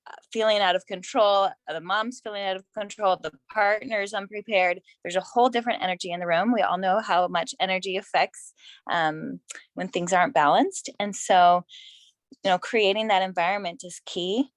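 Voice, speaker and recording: A woman birth professional giving earnest advice on a video call, with halting restarts. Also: mid-range voice, steady tone, no room sound. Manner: earnest, halting, many restarts and "you know".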